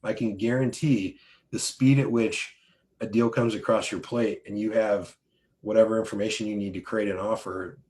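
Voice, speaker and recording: Lower-voiced man coaching an online group. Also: darkish tone, a little hiss or hum. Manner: conversational, emphatic, many fillers and restarts. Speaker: business coach. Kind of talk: live online coaching talk.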